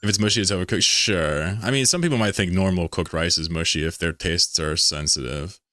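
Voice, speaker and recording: A man's voice: deep voice, a little fast, pushed and bright, dry recording, clean studio sound. A man from Pennsylvania, streaming a game and chatting with viewers in a rambling, joking way, swearing freely. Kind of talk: casual live-stream chat while gaming.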